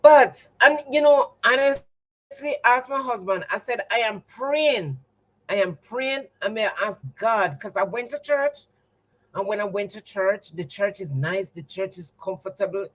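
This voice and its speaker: This Jamaican-accented woman, hosting a livestream, speaks at a measured pace in a mid-range voice over a rough recording. Her personal story comes out in an emphatic, repeating, testimony style aimed at her viewers.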